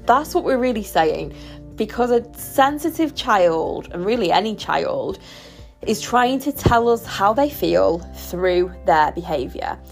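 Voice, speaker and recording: A woman hosting a solo parenting podcast, talking in a gentle, reflective and reassuring way. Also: medium pitch, lively intonation, unhurried, vocal fry, faint music behind. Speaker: podcast host.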